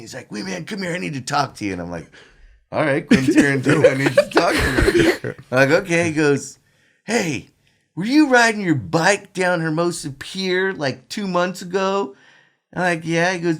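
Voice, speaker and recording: Man, middle-aged, animated storyteller; lively pitch, laughs mid-sentence. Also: moderate pace, gravelly. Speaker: podcast guest. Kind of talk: casual storytelling.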